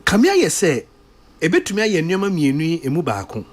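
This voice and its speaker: A man's voice: a little high, wildly swooping pitch, a little fast. A man with a Ghanaian accent giving a daily devotional sermon on the radio, mixing English and Twi and repeating key lines for emphasis. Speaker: radio preacher.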